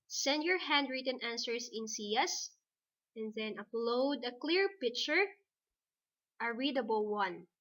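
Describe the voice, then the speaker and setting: A woman teacher with a Filipino English accent, dictating a recorded lesson slowly and deliberately. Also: fairly high pitch, expressive, fairly bright tone.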